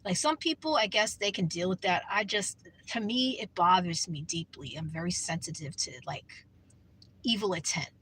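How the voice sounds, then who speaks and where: A woman's voice: lowish voice, normal speed, a bit bright, breathy edge, poor audio. A woman vlogging from her parked car, talking earnestly in a rambling way and often repeating herself. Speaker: Christian vlogger. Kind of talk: casual talk to camera.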